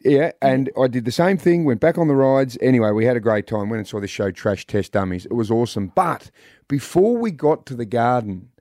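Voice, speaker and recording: Aussie radio guy, middle-aged, mellow voice, dry studio sound, loves a bit of a stir. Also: mid-range voice, a little fast, no room sound. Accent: Australian. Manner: animated storyteller, acts out voices, teasing. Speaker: radio co-host. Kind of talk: breakfast radio banter.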